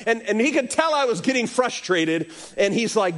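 Male pastor, middle-aged, lively storytelling sermon, high voice with big swings. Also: moderate pace. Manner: animated storytelling preacher, acts out voices.

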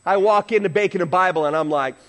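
A man's voice: high-pitched, fast, a bit bright. Man preaching a conversational sermon. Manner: conversational, asks the congregation questions. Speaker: pastor.

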